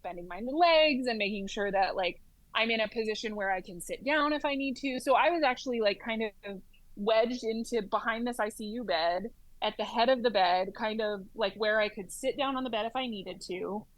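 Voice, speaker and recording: A woman working as a flight nurse practitioner, telling stories as an interview guest in a lively way, with lots of "like" and "um". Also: on the high side, normal speed, no room sound, poor audio. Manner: lively storyteller, heavy use of "like" and "um". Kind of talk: casual storytelling in an interview.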